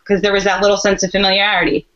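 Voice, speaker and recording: A woman co-hosting an interview, speaking at a mid-range pitch. She tells candid, animated stories. The recording is dull and lo-fi. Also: very fast. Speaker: co-host. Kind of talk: conversational storytelling.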